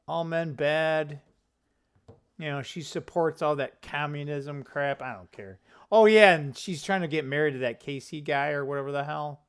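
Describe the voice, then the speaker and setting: An opinionated male vlog host talks off the cuff about current events. He rambles, doubles back to correct himself and tosses in quick asides. His voice is slightly high and swings widely in pitch. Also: gravelly. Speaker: political commentary channel host. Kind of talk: casual political commentary vlog.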